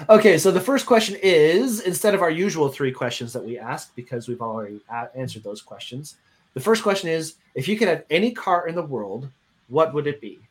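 A man's voice: fairly high pitch, very animated, brisk. A man hosting a casual podcast chat, joking around and asking his guests questions. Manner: laid-back, jokey, asks the questions. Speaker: podcast host.

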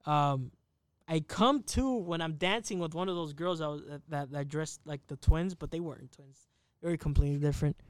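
A man's voice: fairly high pitch, fairly quick, smooth, no room sound. A man in his twenties telling a rambling, profane story in a casual podcast chat. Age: 20s. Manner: rambling, profane, laughs at himself.

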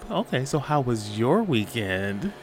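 A man with a middle-pitched voice that leaps around expressively and a morning rasp. He co-hosts a casual chat, playful, dramatic and quick with a bit. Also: big pitch swings, noisy background. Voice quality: raspy. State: early-morning unwarmed voice. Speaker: podcast co-host.

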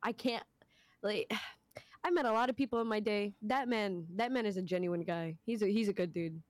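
A young woman guest in a casual podcast chat, animated and slangy, often laughing. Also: medium pitch, normal speed, no room sound.

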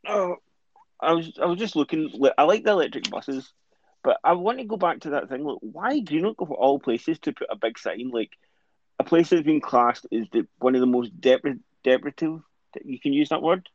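A man's voice: a little high, animated, normal speed, no room sound. Rambling Scottish man, dry dull audio. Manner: rambling, stumbles over words. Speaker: podcast co-host. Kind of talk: casual chat.

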